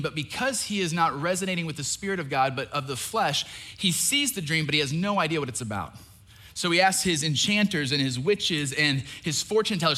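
Young guy preaching, bright punchy voice, a bit high, plays out the story voices. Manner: animated, acts out quoted voices, jokes with the crowd. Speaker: pastor. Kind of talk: sermon.

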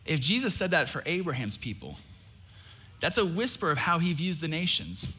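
A young man preaching with a bright, forceful voice that sits a little high for a man. He tells the story with energy, dropping into voices for its figures and making playful asides. It sounds like a church sermon. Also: moderate pace, husky. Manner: animated, acts out quoted voices, jokes with the crowd. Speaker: pastor.

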